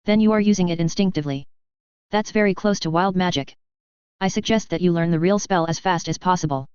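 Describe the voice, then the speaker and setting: A blunt, sharp-tongued female mage, as a woman narrator reads her. She lectures plainly in a storybook reading. The voice is low and very clear over dry sound. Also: brisk, no echo, highs cut off, natural voice. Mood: incredulous.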